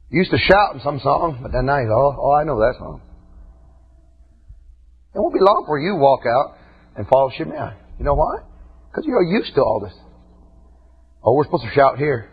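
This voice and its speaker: A man preaching an impassioned sermon in a church, often breaking into shouts. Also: mid-range voice, husky. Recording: dull lo-fi recording.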